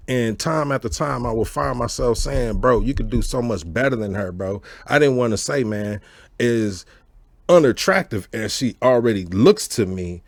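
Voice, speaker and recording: A man telling a story in casual chat, animated and profane, laughing often and asking whether the listener gets his point. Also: medium pitch, dry recording. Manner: animated, profane, laughs often, keeps asking "you know what I'm saying". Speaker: storyteller host.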